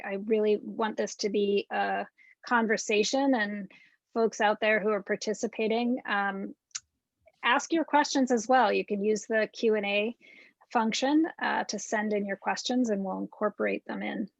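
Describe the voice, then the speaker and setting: Gravelly-voiced woman moderating a panel. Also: mid-range voice, dry recording. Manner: friendly, inviting, loosely phrased questions. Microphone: video call. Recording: dry, dull video call audio.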